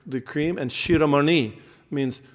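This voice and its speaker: A man's voice: a little high, measured pace, big-room sound. A man giving a devotional scripture class, explaining terms and quizzing his listeners, with many fillers and restarts.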